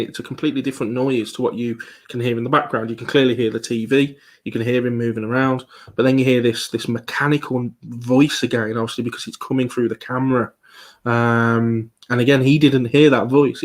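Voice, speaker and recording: A man giving a live online presentation as a paranormal investigator, talking with many pauses and restarts. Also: mid-range voice, fairly even intonation. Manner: hesitant, many ums and restarts.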